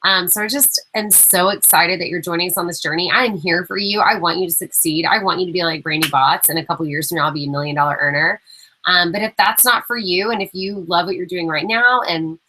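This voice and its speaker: Low-voiced bright chatty woman coach. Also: fast talker, slight background noise, rough recording. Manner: chatty, encouraging, many fillers. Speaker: team coach welcoming new coaches. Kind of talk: casual recorded welcome talk.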